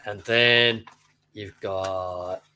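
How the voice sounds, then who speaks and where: A man hosting a fishkeeping channel browses old books in casual, rambling chat, joking around and doing silly voices. His fairly low voice holds a steady tone and is extremely slow, sounding pushed and bright, with slight background noise.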